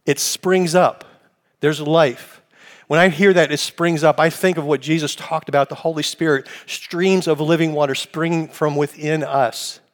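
Male pastor, slightly high voice, sermon delivery with call-and-response, long hall reverb. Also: fairly even intonation, moderate pace. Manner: preaching with call-and-response questions.

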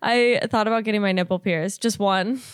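A woman's voice: mid-range voice, clean tone, dry recording, clean studio sound. A young woman chatting casually as a podcast co-host, cutting in with teasing remarks and laughing easily. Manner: teasing interjections, quick to laugh. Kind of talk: casual chat.

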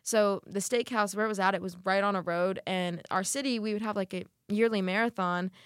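A young woman tells a long workplace story in casual podcast chat, her sentences loose and full of fillers. Her voice sits at an ordinary middle pitch, recorded dry and close. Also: a little fast, clear, resonant tone, dry recording. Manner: rambling, many "like" fillers, animated retelling. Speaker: podcast co-host.

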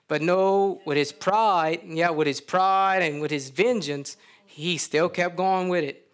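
A man's voice: on the high side, normal speed, a bit bright, clean tone. A man preaching, retelling a story in a folksy, chuckling way. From Louisiana. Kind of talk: storytelling sermon.

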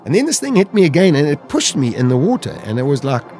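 A man's voice: on the high side, big pitch swings, quick pace, music in the background. A middle-aged man, a podcast guest vividly retelling his own ordeal and acting out his inner voice. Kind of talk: dramatic personal storytelling.

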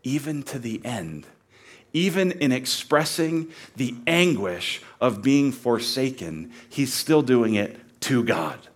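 A man preaching a sermon in an earnest, conversational way, dropping to a hush and then rising to loud, emphatic peaks. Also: medium pitch, animated, slow. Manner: swings from hushed, quiet delivery to loud, near-shouted emphasis. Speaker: pastor.

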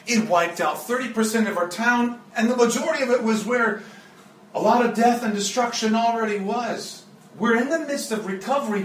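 A man with a high-pitched voice from the Joplin, Missouri area preaches as a guest, telling stories in an earnest, emotional way that breaks into laughs. The sermon is recorded in an echoey room with the mic at a distance, and slight background noise.

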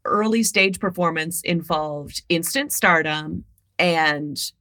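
A bright, lively woman from Ohio in her thirties talks as an interview guest, playful and quick to laugh. Her voice is clear and forward, recorded close and dry with no room sound. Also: fairly low pitch, no room sound. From Ohio, USA. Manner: animated and playful, laughing often. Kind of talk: casual interview chat.

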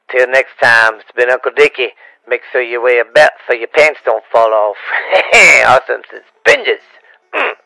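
A man's voice: medium pitch, gravelly, sharp tone, no echo, low-quality recording. A man voicing a rambling, affectionate older Cajun uncle in a put-on Louisiana accent, stammering through repeats and folksy rhymes on a comedy podcast. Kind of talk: comedic podcast character bit.

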